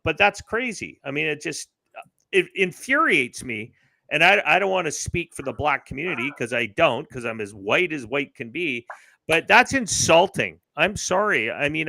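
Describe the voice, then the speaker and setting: A man co-hosting a casual political chat, talking in an animated, indignant way and laughing often. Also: fairly high pitch, creaky, no echo. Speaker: co-host.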